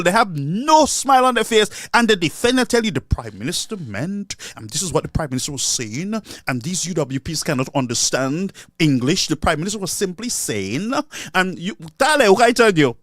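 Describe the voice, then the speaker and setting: A man with a Saint Lucian accent delivers a mocking political commentary, slipping between English and Creole. His voice sits high for a man. The recording is dry, with no room sound. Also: a bit bright, no room sound. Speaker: online commentator.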